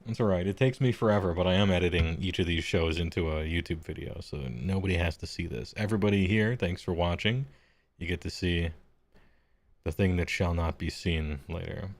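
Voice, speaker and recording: Game master, man, very low voice, rambling and self-deprecating table talk. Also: a little fast. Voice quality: deep voice. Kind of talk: casual chat before a live-streamed game.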